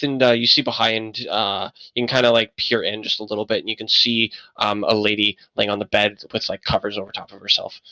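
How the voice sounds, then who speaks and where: Male game master, gravelly bright voice, dry close mic, halting narration. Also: on the low side, little pitch movement, no room sound, rough recording. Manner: halting, full of fillers.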